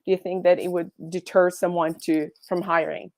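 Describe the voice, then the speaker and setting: A woman moderating a panel on a video call, encouraging and halting, with frequent restarts. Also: on the low side, little pitch movement, darkish tone, a little hiss or hum.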